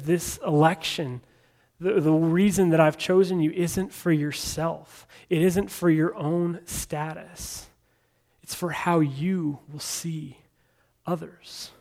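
A man's voice: a little high, darkish tone. A man preaching a sermon in a conversational way, retelling scripture stories in his own words.

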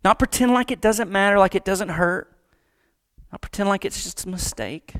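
A man preaching a casual, joking sermon, acting out quick voices as he talks. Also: high-pitched, a bit bright. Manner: conversational, joking, acts out voices. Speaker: pastor.

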